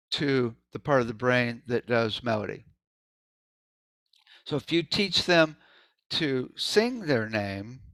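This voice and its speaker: Guy giving a casual talk, chants pa da ka bits to show how it goes, mid-pitched voice, dead dry sound. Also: fairly bright tone, no echo. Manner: demonstrates rhythm syllables and hums aloud; loose and conversational, many "right?" asides. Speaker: presenter at a sound healing meeting. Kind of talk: informal presentation.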